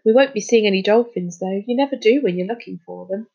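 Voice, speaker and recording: A woman's voice: medium pitch, quick pace, gravelly, mellow, husky, highs cut off. A woman reading a storybook, voicing a blunt, cocky young boy who is proud of his boat. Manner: blunt, boastful.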